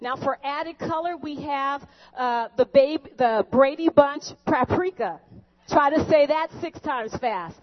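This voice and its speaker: A woman's voice: sits high, unhurried, few pauses. A woman hosting a comic cooking show skit, chatty and joking with the viewers. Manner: chatty, jokey, talks to viewers. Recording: dull lo-fi recording.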